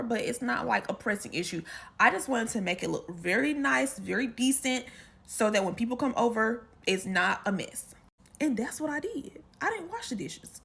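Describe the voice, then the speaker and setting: Brief: woman storyteller, lively pitch, chatty asides, fairly high voice. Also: normal speed, gravelly, slightly rough. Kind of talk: casual storytime.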